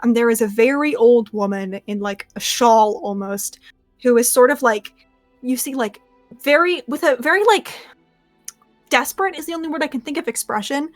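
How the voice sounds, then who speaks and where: A young woman runs a tabletop game, describing scenes in a relaxed, rambling way with lots of "like" and "sort of". Her voice sits a little high, and soft music plays behind her. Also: moderate pace. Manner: casual, filler-heavy, lots of "like". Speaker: game master.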